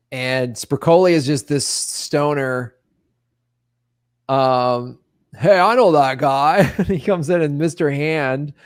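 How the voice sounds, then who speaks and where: A man's voice: mid-range voice, smooth, dry recording. A man hosting a casual comedy podcast, retelling film scenes with enthusiasm and frequent laughs. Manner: enthusiastic storyteller, laughs often. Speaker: host. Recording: dry close sound.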